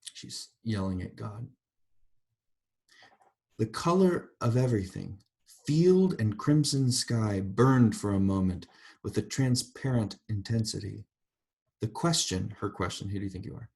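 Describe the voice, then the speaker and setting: A man with a fairly low voice teaches a university literature class. He reads passages aloud, then stops to unpack them in a thoughtful, wandering way. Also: animated, takes it slowly, gravelly, pauses often, a little mellow. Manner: thoughtful, digressive explanation. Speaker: literature lecturer.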